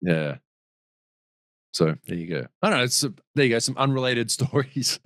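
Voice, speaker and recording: A man's voice: mid-range voice, very animated, normal speed, a bit bright, no echo. Man telling stories, dry close sound. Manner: rambling, with restarts and laughs. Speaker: podcast guest. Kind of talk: casual storytelling.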